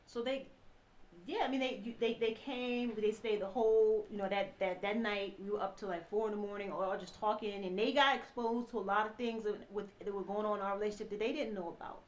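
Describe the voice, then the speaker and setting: A woman telling a personal story in a lively way, acting out what people said and often restarting her sentences. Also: medium pitch, brisk. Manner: animated, acts out quoted dialogue, restarts often.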